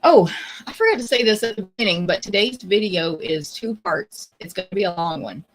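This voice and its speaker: A woman's voice: medium pitch, animated, a little fast. A woman hosting a live craft demonstration, talking casually and chattily, often losing her train of thought. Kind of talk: casual live-stream chat.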